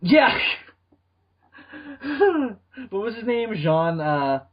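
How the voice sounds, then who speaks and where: Guy cohosting a podcast, kinda high husky voice, jokey and sweary, lo-fi sound. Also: sing-song, extremely slow. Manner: joking, laughs often, swears. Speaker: podcast co-host. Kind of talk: casual comedic chat. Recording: dull lo-fi sound.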